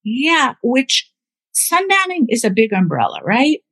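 A woman with a slightly husky voice tells stories about caring for her mother in a loose, conversational way. She acts out the voices of the people she quotes, and the recording is close and dry. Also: high-pitched, very animated, unhurried, fairly bright tone, no echo. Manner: chatty storytelling, acting out quoted voices. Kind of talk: casual conversation.

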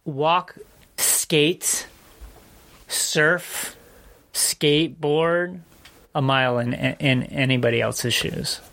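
A man's voice: fairly high pitch, level tone, drawn-out words, pauses often, a bit bright. A man co-hosting a podcast in casual chat, talking bluntly and swearing freely. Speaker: podcast co-host.

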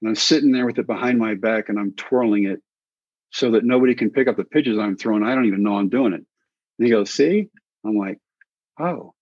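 A man with a husky, slightly breathy voice, talking as an interview guest about his time as a baseball coach and pitcher. He tells folksy anecdotes and acts out the other voices in them. The recording is dry and a little dull. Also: steady tone, fast talker, no room sound. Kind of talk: animated storytelling in an interview.

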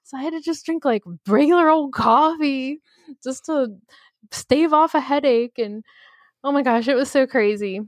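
A woman co-hosting a podcast, telling a long story in a rambling, animated way full of fillers. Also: high voice, normal speed, dry recording, studio quality. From United States. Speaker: podcast co-host. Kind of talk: casual chat.

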